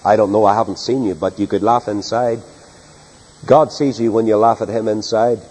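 A man's voice: on the low side, steady tone, moderate pace, darkish tone, slightly rough. A man preaching an evening sermon in church, reading scripture aloud with emphatic, dramatic delivery. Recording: long reverb of a large hall.

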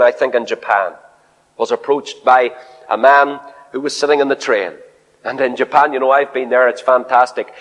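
A man delivers an evangelistic sermon packed with personal anecdotes, swinging from loud, high exclamations to low, quiet asides. The recording carries a long hall reverb.

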